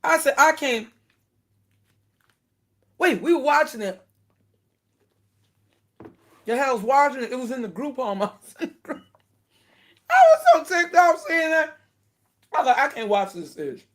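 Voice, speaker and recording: A woman's voice: high voice, moderate pace, long pauses. Indignant woman in casual commentary. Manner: indignant and animated, laughing between points. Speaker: video commentator.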